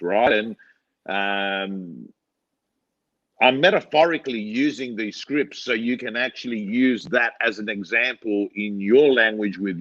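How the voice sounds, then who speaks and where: A man's voice: on the low side, a bit bright. Stammering Australian man, dull-sounding recording. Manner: earnest, stammering, repeats words. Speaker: sales trainer interviewer. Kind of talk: interview.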